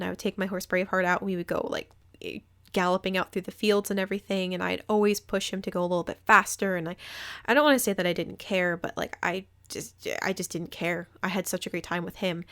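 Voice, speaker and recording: A woman's voice: medium pitch, a bit bright. Young woman podcast host, casual storyteller, candid and talkative, mid-range voice. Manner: chatty, candid, frequent fillers and quoted dialogue.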